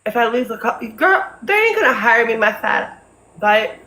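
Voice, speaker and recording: A woman's voice: on the high side, sing-song, normal speed, sharp tone. A woman from the United States on a casual live stream, talking bluntly and with sass. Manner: blunt, sassy. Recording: echoey room with faint noise.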